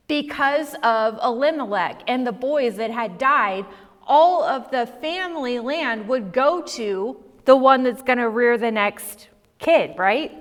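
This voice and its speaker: A woman's voice: high-pitched, animated, slow, in a large hall. A woman teaching a casual, playful Bible lesson and quizzing her class as she goes. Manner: chatty and playful, asks the class questions.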